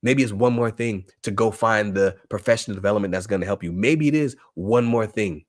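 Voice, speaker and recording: Energetic low-voiced motivational man. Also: brisk, dry recording, studio quality. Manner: energetic, emphatic, repeats phrases for effect. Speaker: workshop presenter for teachers. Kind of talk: motivational live webinar talk.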